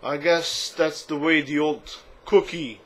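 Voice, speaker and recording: A man's voice: on the high side, fairly even intonation, slow pace, background noise. A man delivering a comedic political monologue to camera, sarcastic and mocking, with crude asides. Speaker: political vlogger.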